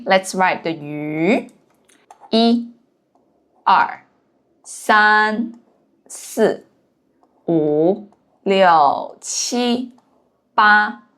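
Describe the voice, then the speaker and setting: A woman's voice: medium pitch, expressive, drawn-out words, long pauses, fairly bright tone, clean tone. A woman who speaks natively, giving a language lesson and counting out the strokes of each character one by one. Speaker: Chinese language teacher. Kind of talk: slow step-by-step lesson narration.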